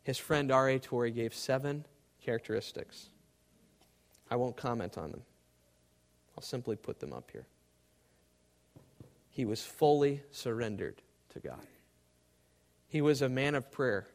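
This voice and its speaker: A man preaching a sermon to a live congregation, swinging between loud emphasis and hushed, quiet tones. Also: mid-range voice, lively intonation, moderate pace, pauses often.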